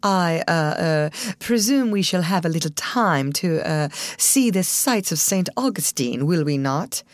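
A woman voicing a foppish young male actor who speaks in a slow, affected drawl with hesitations. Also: fairly low pitch, animated, no echo. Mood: languid.

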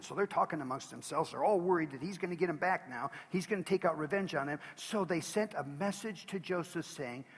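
A man's voice: a little high, fairly quick, hardly any pauses, slightly rough, big-room sound. A man preaching as a pastor, earnest and emphatic, pleading with his listeners. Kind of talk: sermon.

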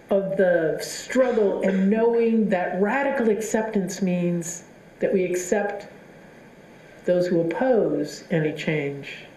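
A woman's voice: mid-range voice, warm tone. Woman, Catholic advocacy speaker, mid-range voice, heartfelt speech, echoey hall with faint background hum. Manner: earnest, impassioned storytelling. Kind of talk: public speech to an audience. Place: university lecture hall.

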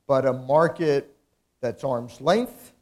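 A man's voice: medium pitch, takes it slowly, a little mellow. A man moderating a panel discussion, asking questions with hesitant restarts.

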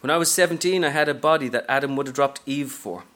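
This man speaks quickly in a mid-range, slightly bright, everyday-sounding voice, wisecracking as he reads from a novel. He narrates in sassy first person as a brash, streetwise aging woman hustler.

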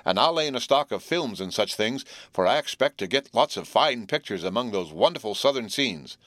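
A man's voice: mid-range voice, lively intonation, fairly quick, fairly bright tone, no echo, lightly acted. A man voicing an earnest teenage boy who leads his friends and explains the trip plans, in a dry storybook reading. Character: eager teenage boy, trip leader, steady.

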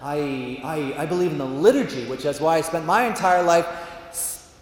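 A man's voice: a little high, lightly acted. A man acts out a nervous friar facing judgment, stuttering at first and then hurrying through his answer. The voice carries a long echo from a large hall. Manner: stammering, rushed. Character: nervous stammering friar before God. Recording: echoey hall.

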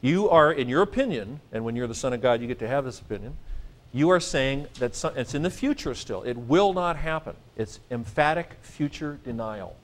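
A man teaching a Greek grammar class, lecturing in a lively, joking way and stressing his points. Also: mid-range voice, normal speed. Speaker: Greek professor.

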